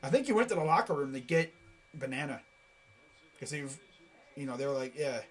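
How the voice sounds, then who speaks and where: A live reaction streamer with a mid-range voice gives casual play-by-play of a basketball game. He swings between quick, excited calls and rambling, jokey asides.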